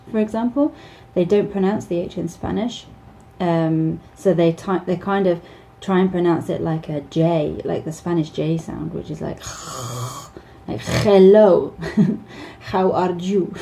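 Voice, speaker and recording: A woman English teacher talks through casual advice in a relaxed, warm tone. Her voice sits a little low. She stops and restarts often and laughs between thoughts. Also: a little hiss or hum, poor audio. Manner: hesitant, many ums and restarts, laughs often.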